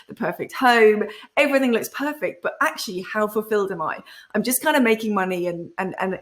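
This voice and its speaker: A woman, a podcast guest and entrepreneur, telling a candid personal story in an interview, animated and acting out remembered conversations, with frequent fillers and restarts. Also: medium pitch.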